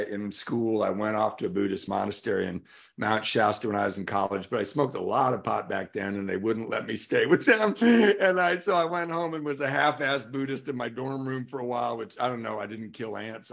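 A middle-aged man from California shares his recovery story at a convention with a gravelly edge. His pitch sits in an ordinary middle range. He tells it candidly, slipping into the voices of the people in his stories. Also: a bit bright. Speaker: recovery speaker. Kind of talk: personal testimony talk. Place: convention hall.

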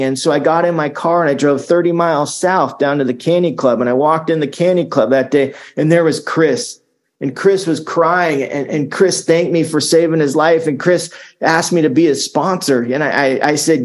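A middle-aged man telling his recovery story in a casual, halting way, often repeating words and saying "man" and "dude". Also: on the high side. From Southern California. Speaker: speaker sharing recovery story. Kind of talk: recovery talk.

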